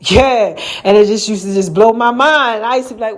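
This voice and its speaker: A woman hosting her own podcast in a casual, animated monologue, preaching about faith and laughing often. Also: on the high side, normal speed. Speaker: podcast host.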